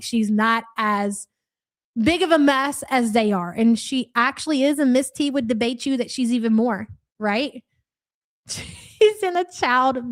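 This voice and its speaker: A woman's voice: on the high side, no room sound, studio quality. A woman with a Louisville accent hosting a live reaction stream, blunt, sarcastic and profane, reading chat messages aloud. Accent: Louisville Kentucky. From Louisville area, USA.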